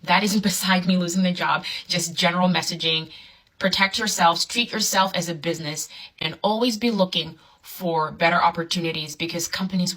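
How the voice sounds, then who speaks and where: Lower-voiced woman giving earnest advice. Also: fairly even intonation, moderate pace, fairly bright tone. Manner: earnest, advising. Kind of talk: advice to camera.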